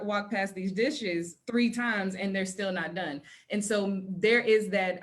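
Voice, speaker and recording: A woman's voice: mid-range voice, fairly bright tone. A woman co-hosting a casual panel talk show, speaking emphatically and reasoning her point through aloud. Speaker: podcast co-host.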